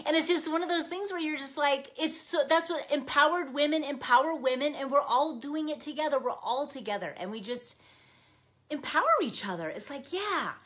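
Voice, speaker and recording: An older woman with a bright, forceful voice, pitched a little high, talks straight to her viewers on a live stream. She gushes with pride and excitement, tacks "okay?" onto her sentences and breaks into laughter. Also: brisk. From Nebraska, US. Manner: chatty and gushing, peppers lines with "okay?" and laughs. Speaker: host of a live planner stream. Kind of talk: casual live-stream chat.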